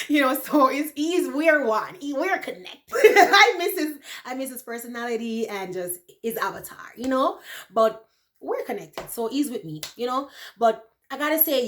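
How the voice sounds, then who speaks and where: Woman vlogger, thirties, lively and chatty, laughs a lot, slightly high voice. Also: normal speed. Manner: animated, laughs often, repeats "you know" and "right". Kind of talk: casual chat to camera.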